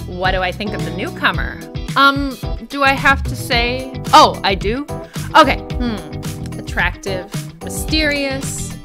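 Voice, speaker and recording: A woman's voice: fairly high pitch, lively intonation, a little slow, over music, pitched above the performer's own voice. A woman voicing a socially awkward female killer raised in the woods, blunt and matter-of-fact. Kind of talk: reading a dating game aloud.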